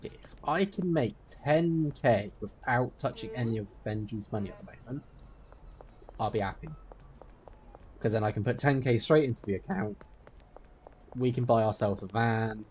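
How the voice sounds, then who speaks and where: A man's voice: mid-range voice, expressive, normal speed, long pauses, darkish tone, a little hiss or hum. A man giving a running let's play commentary and chatting to the characters in the game. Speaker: gameplay streamer. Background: game music.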